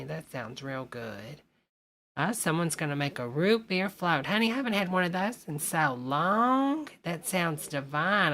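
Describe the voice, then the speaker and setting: A woman's voice: low-pitched, fairly bright tone. An older woman, hosting a casual live stream and chatting folksily with viewers, calling everyone honey.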